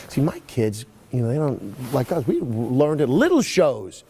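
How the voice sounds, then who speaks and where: A man's voice: mid-range voice, wildly swooping pitch, a little slow, dark tone, husky. A middle-aged man coaching riders at a horse clinic, rambling and chatty with lots of asides. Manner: rambling, chatty, full of "you know" asides. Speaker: riding clinician. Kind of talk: casual coaching chat. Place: horse arena.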